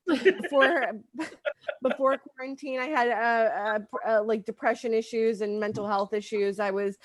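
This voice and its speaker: A woman's voice: on the high side, steady tone, unhurried, no echo. A woman doing a stand-up comedy set, rambling with lots of ums and likes.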